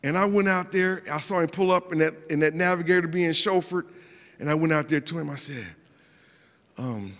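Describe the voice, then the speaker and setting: A middle-aged man, a guest speaker, telling personal stories in an animated way, often repeating words and acting out the people he quotes. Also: on the high side, moderate pace. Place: event hall. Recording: long hall reverb.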